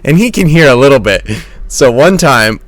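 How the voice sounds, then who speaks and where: A man's voice: mid-range voice, expressive, normal speed, no room sound. A man in his thirties telling a rambling story to friends, laughing as he goes. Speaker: player in a tabletop game podcast. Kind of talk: casual storytelling among friends.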